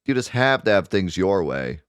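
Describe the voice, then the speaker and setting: Man voicing a gentle young game mother, soft and earnest, dry sound. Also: low voice, very animated, moderate pace, clean tone, no room sound. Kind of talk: reading game dialogue aloud.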